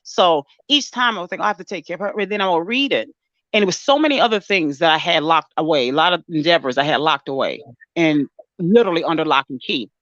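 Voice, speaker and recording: A woman in casual conversation, soft-spoken and halting, close to tears as she talks about her poetry. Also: low voice, expressive, no echo. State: tearful, close to crying. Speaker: guest poet. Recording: dull muffled dry sound.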